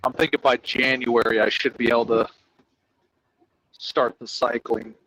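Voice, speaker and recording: A man hosting a casual podcast chat, talking in an animated, rambling, profane way. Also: mid-range voice, a little slow, no room sound, low-quality recording. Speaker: host.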